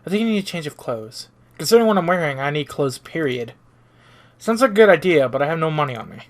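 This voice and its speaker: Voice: mid-range voice, lively intonation, fast talker, lightly acted. A streamer reading the part of an awkward, grateful young man down on his luck in a visual novel, dry and self-mocking. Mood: wry.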